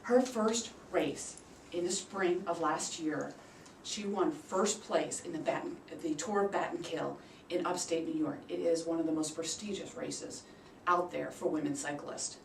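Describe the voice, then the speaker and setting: A woman giving a prepared storytelling speech at a public speaking club. She acts out the quoted voices with big leaps in pitch and loudness. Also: a little slow, creaky, a little hiss or hum. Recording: roomy sound from a distant mic.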